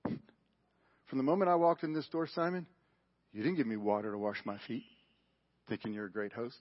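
Calm, soft-spoken Jesus figure, as a preacher puts him on, husky and low-key, lo-fi audio. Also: male voice, natural voice. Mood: gentle. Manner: quiet, measured questioning. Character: calm, gently probing Jesus, adult man.

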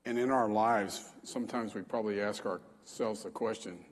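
A man's voice: on the low side, normal speed, slightly rough, long reverb tail. A man preaching a sermon as pastor, talking in a conversational way with frequent fillers.

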